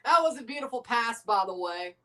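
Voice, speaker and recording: A man hosting a live watchalong of a football match, excitable and opinionated, often exclaiming and laughing at the action. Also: extremely high pitch, fairly quick, recorded from a distance. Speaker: livestream host reacting to a match.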